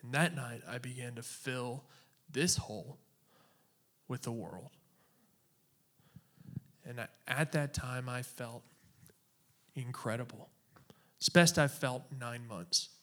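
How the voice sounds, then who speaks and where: A man from Oklahoma shares his faith testimony at a very unhurried pace. His voice sits at an ordinary middle pitch, and he speaks earnestly and haltingly, leaving long dramatic pauses between phrases. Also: a bit bright.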